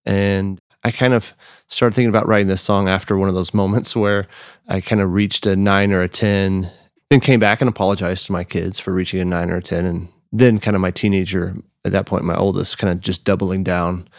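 A man in his forties, a guest musician telling a family story in relaxed, casual chat. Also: sits low, a little fast, dry recording, clean studio sound. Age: 40s.

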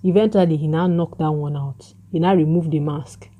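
A woman giving an excitable, casual recap of a show's plot, acting out the characters' lines. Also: low voice, moderate pace, breathy edge. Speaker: show recap vlogger.

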